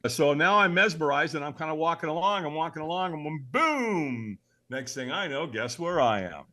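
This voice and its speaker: A man, a podcast guest, telling a personal story in an animated way, acting out the voices he quotes and sometimes shouting them. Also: a little high, normal speed.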